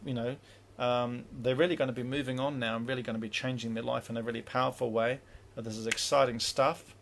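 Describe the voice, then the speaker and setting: A man's voice: mid-range voice, little pitch movement, fast, background noise. Rambling man teaching spiritual practice. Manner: rambling, with many fillers and restarts, acting out inner dialogues. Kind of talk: casual livestream teaching.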